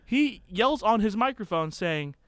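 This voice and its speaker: A young man telling a story as a podcast guest in a casual, animated way, acting out the quotes. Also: a little slow, clear, resonant tone, dry recording, studio quality. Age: young adult. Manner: animated, acts out quotes with big pitch jumps.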